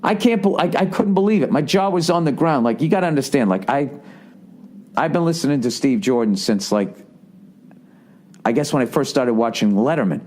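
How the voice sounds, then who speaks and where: A man's voice: mid-range voice, lively intonation, a little fast, darkish tone. A man in his late forties with a Boston accent, telling a story in a rambling, profane way on his podcast. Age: 40s. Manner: rambling, profane, self-interrupting. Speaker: podcast host. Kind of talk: casual storytelling monologue.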